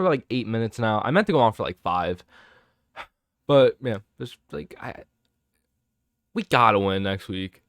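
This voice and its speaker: A man's voice: high-pitched, dry recording, clean studio sound. A man ranting casually to camera as a sports fan vlogger, exasperated and profane, rambling with frequent restarts.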